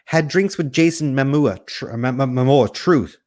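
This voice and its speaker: A man's voice: medium pitch, moderate pace, a little mellow. A man hosting a casual quiz, reading out questions and answer options and riffing on them with jokes. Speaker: quiz host.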